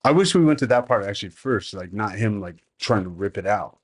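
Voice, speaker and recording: A man's voice: fairly low pitch, expressive, brisk, husky. Profane storytelling man hosting a podcast. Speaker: podcast host. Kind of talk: casual storytelling chat.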